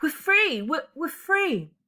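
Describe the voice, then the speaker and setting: A woman's voice: high-pitched, expressive, moderate pace, a bit bright, voice pushed up. A woman reading a play aloud, voicing a grieving middle-aged wife who pleads, repeats herself and breaks into sobs. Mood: sobbing release.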